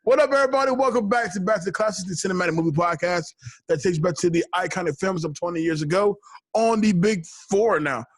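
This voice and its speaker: A man hosting a casual podcast, excitable and prone to stammering restarts. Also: sits high, fast, no room sound. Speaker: podcast host.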